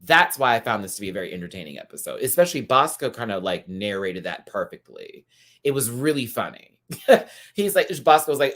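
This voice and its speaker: Casting: campy man, lively singsong delivery, live-stream reviewer talking to chat. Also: lowish voice. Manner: animated and campy, quick asides to the chat. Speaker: YouTube host reviewing a TV show.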